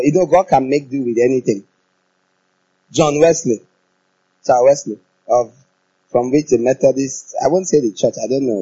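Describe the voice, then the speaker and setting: A man delivers a sermon with a somewhat raised pitch and a husky edge. He is playful and animated, laughing easily and chanting with the congregation. The recording sounds dull and lo-fi. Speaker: preacher.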